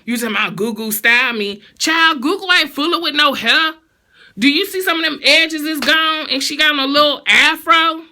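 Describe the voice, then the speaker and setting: A woman's voice: sits high, moderate pace, sharp tone. A woman recapping a reality show in a sassy, blunt, slangy gossip style.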